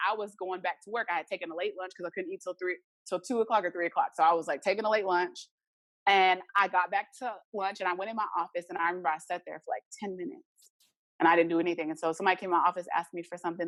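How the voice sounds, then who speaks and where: A woman's voice: lowish voice, quick pace, a bit bright, no room sound. A young adult woman, a podcast guest, earnestly telling a personal story and acting out the remembered dialogue.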